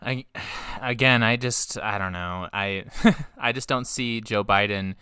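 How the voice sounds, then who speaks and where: A man's voice: lowish voice, takes it slowly, bright, forceful tone, smooth, dry recording, clean studio sound. A young man co-hosting a podcast, chatting animatedly and swearing casually between frequent laughs. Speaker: podcast co-host. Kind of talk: casual political chat.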